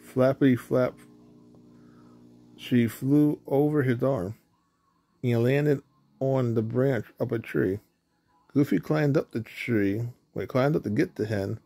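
A man reading a children's storybook aloud, steady with small slips. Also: medium pitch, slow, gravelly, long pauses, no echo. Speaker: storybook reader.

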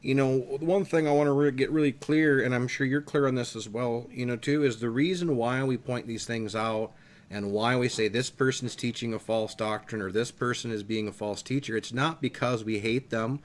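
A man's voice: mid-range voice, fairly even intonation, moderate pace. A man from the US South hosting a religious discussion, earnest and growing more intense as he stresses his points.

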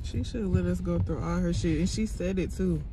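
A woman's voice: fairly low pitch, normal speed. A woman, chiming in with blunt remarks. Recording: loud road noise in a car.

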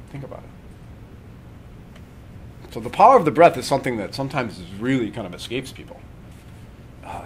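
A man leading a live workshop on breathing and meditation, talking calmly and conversationally and often checking in with his listeners. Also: on the low side, noisy background. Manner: calm, conversational, checks in with "right?".

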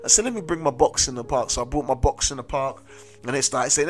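A man's voice: mid-range voice, fast. A man with a South London accent preaching a sermon as a street preacher, earnestly mixing in his own testimony and repeating "amen" and "listen to me". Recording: music playing under the voice. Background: music.

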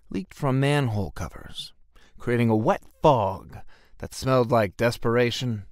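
A man narrating an audiobook with animated, dramatic storytelling. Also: lowish voice, no room sound, studio quality.

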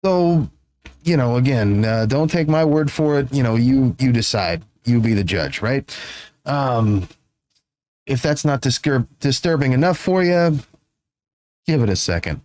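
A man hosting a show, giving sarcastic, halting commentary between news clips, with many fillers and restarts. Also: medium pitch, lively intonation, darkish tone, rough recording. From United States. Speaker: show host.

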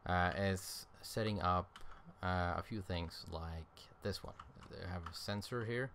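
Over slight background noise, a game streamer with a low, fairly bright voice speaks at a measured pace and fairly even intonation. His let's-play commentary is casual and meandering, heavy on ums and uhs. Fatigue shows, and he yawns.

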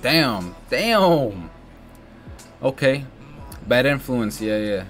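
An American man in his twenties reacts out loud in a loose, slangy way, and his pitch swings up and down as he talks. He sits at a middle pitch for a man, with faint music playing behind him. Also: sing-song, extremely slow. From United States. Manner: slangy, exclamatory, keeps saying "you know what I'm saying" and "bro". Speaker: reaction video host. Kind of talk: casual reaction commentary. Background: faint music from the video he is watching.

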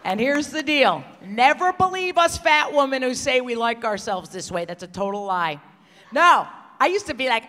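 A woman stand-up comedian doing a crude, brash insult comedy set on stage, teasing audience members and often shouting. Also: high-pitched, expressive, unhurried, some chatter behind. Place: stage in a large theater before a live audience. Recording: live hall recording with loud audience.

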